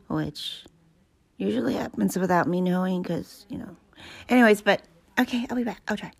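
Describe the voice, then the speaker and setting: A woman reciting prayers in a soft, hushed whisper, then chatting quietly. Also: mid-range voice, normal speed, gravelly.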